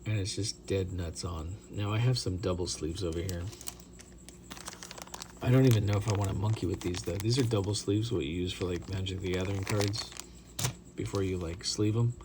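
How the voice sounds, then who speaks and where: A middle-aged man chatting casually as he opens trading card packs, rambling, excitable and self-deprecating. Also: sits low, moderate pace, background noise. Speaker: card collector opening booster packs. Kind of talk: casual hobby vlog commentary.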